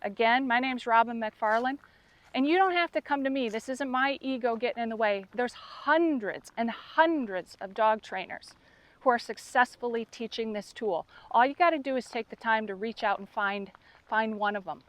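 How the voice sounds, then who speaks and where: A woman speaks straight to her listeners as a dog trainer, impassioned and openly emotional. Her voice sits a little high for a woman. The sound is dry and close, with no room echo. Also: normal speed. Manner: impassioned and emotional, addressing critics directly. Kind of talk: direct-to-camera appeal.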